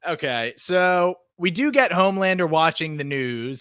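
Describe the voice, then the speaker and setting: Casual male podcast co-host: bright and forceful, slightly high, joking, dry close mic. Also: moderate pace, hardly any pauses, no echo. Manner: animated, joking recapper.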